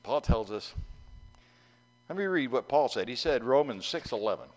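A man's voice: medium pitch, animated, normal speed, poor audio. A man preaching a sermon in a folksy way, asking the congregation questions and acting out the voices in a story he tells. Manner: acts out voices in a told story.

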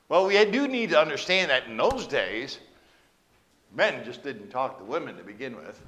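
Male preacher, animated intonation, chatty storyteller with asides. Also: a little high, normal speed, gravelly. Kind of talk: sermon.

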